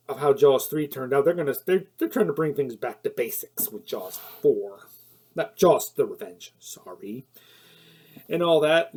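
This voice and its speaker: His voice is a little high and warm as he delivers a casual spoken review of a film. Rambling and full of fillers and self-corrections, he sometimes laughs at his own points and turns heated when annoyed.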